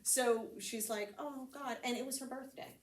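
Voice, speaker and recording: A woman reverend with an American accent delivers a casual, conversational homily in a church meeting hall, telling stories with laughs and fillers. Her voice is a little high, steady in tone, at normal speed. The roomy hall puts her at a distance, with faint ambience and slight background noise.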